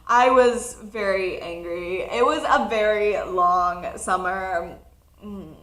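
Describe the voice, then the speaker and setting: A nineteen-year-old woman telling a personal story in a casual vlog, chatty and animated, often laughing. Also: mid-range voice, takes it slowly, roomy sound. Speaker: college student vlogger.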